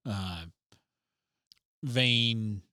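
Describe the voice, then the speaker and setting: A man's voice: on the low side, drawn-out words, bright, forceful tone, no room sound, clean studio sound. A man co-hosting a podcast, chatting casually and jokingly while watching a movie, swearing freely. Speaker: podcast co-host. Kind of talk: casual movie commentary chat.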